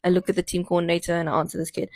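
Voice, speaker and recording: A woman's voice: on the low side, level tone, racing, gravelly, darkish tone, no room sound. A young woman tells a personal story to camera, in a dry, sardonic way. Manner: dry, sardonic, repeats a catchphrase between beats. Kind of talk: storytime vlog.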